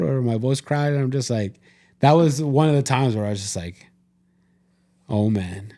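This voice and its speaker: A man with a fairly low, warm voice talks a little fast as he co-hosts a podcast. In casual conversation, he retells an experience, frequently quoting his own inner thoughts and restarting mid-sentence.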